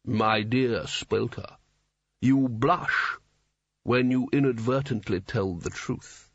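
A man reading aloud, voicing a sly, smooth older wizard who speaks in a dry, unhurried, quietly mocking way. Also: medium pitch, no echo, lo-fi sound.

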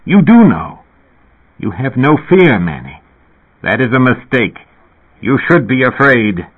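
A man with a husky voice playing a stern old man who turns forceful and agitated. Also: mid-range voice, very animated, measured pace, voice pushed up. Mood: stern, furious. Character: fierce old man, stern and quick to fury. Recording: tinny phone-like sound.

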